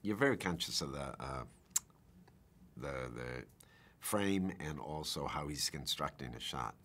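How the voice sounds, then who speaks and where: Man, actor, extremely deep, bright, hesitant, interview. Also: expressive, a little slow. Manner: hesitant, explanatory.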